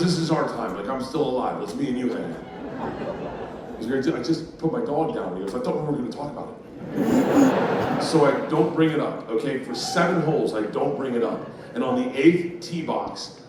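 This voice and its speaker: A man in his fifties doing stand-up, telling a profane, rowdy story and laughing through it, recorded live. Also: medium pitch. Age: 50s. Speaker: stand-up comedian. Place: live comedy venue, audience laughter. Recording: echoey distant room recording with noise.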